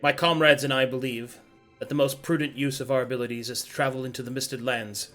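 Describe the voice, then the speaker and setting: A man's voice: medium pitch, fairly even intonation, fairly quick, fairly bright tone, faint music behind, lightly acted. A man voicing a formal male knight who speaks in courtly phrases.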